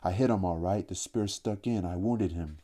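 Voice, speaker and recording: Boy hunter, eager and insistent, voiced by a man with a low, dark storybook tone. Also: normal speed. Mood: excited, insistent. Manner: excited and insistent. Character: boy, excitable eager young island hunter.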